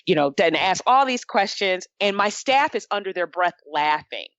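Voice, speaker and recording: A woman's voice: medium pitch, moderate pace, dry recording, dull audio. A woman who owns a salon, telling stories in a casual panel talk and acting out the people she quotes. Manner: animated storyteller acting out quoted voices. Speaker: salon owner, guest. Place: Michigan.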